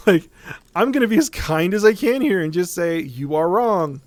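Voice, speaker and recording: Smooth, dry-voiced man ranting while gaming. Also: high voice, expressive, normal speed, dry recording. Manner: rambling, profane, keeps asking "right?". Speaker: streamer. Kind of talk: casual live-stream rant while gaming.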